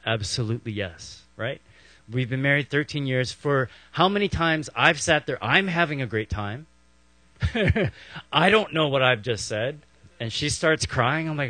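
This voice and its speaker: A man's voice: mid-range voice, a bit bright, dry recording. A man in his thirties, a pastor, preaching a sermon in a conversational way, with rhetorical questions and playful acted asides.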